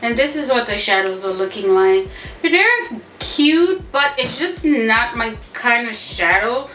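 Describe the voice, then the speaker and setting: A woman's voice: fairly high pitch, animated, unhurried, sharp tone, reverberant. A woman from Haiti doing a casual beauty unboxing at home, chatty and gushing, calling her viewers y'all. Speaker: beauty vlogger. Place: home room with family noise around.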